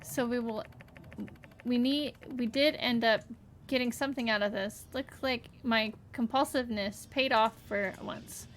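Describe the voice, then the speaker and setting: A woman streamer giving casual, halting commentary over her game, self-deprecating with many fillers, at a desk mic. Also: a little high, fairly even intonation.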